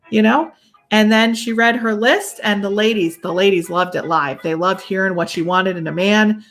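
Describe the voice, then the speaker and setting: A woman's voice: medium pitch, a little fast, a bit bright, faint music behind. A woman hosting a casual chat, a medium who tells chatty stories and acts out what people said. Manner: chatty storyteller, acts out quotes. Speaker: podcast host and medium.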